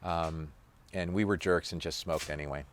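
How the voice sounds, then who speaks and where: A man's voice: low voice, fairly even intonation, normal speed, a little hiss or hum. A middle-aged man, a former touring punk musician, relaxedly recounting a tour story with many fillers. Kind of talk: storytelling anecdote.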